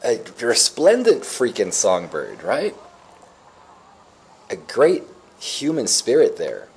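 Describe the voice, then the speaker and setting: A man's voice: mid-range voice, huge pitch swings, slow, vocal fry, darkish tone, slight background noise. A man in his forties telling a rambling, emotional personal story in a reflective, spiritual way. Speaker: vlogger.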